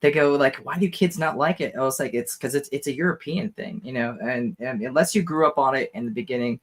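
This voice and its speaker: A man co-hosting a podcast in casual chat, hoarse and tired, rambling with lots of fillers and frequent laughs. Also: medium pitch, brisk. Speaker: podcast co-host.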